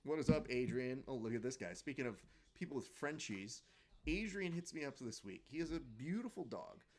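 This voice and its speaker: A man hosts a live stream where viewers watch fights together, talking in a loose, joking way and reading their comments aloud. His voice sits at a middling pitch, neither deep nor high. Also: expressive, normal speed, a little mellow. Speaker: host of a live fight watch-along show.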